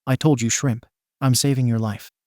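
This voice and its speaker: Man doing brash teen swordsman, cocky, teasing, mellow low-key voice, brief fan-story read. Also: fairly even intonation, normal speed, no echo, studio quality, natural voice.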